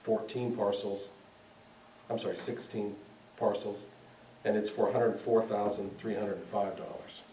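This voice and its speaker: A man with a Southern accent, a city engineer presenting a project at a public meeting, halting with fillers and self-corrections. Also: lowish voice, level tone, mellow. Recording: roomy, distant mic with faint noise.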